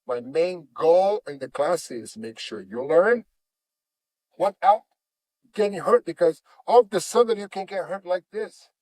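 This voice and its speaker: Animated man in broken English. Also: sits high, measured pace, no room sound. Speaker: jiu-jitsu master, guest. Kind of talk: storytelling in conversation.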